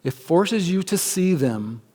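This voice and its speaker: Emphatic higher-voiced male pastor. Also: very animated, takes it slowly, a little mellow. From United States. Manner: conversational, emphatic preaching with acted-out asides. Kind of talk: sermon. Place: church sanctuary.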